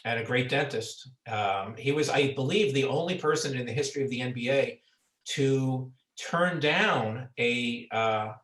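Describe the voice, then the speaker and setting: Chatty author, roomy far-off sound. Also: male voice, medium pitch, measured pace, a bit bright. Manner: chatty, many fillers and restarts. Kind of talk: conversational book talk.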